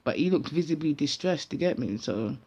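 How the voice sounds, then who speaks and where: A woman with a British accent full of London street slang, telling a personal story in an animated, casual vlog. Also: low voice, fairly quick, slightly rough.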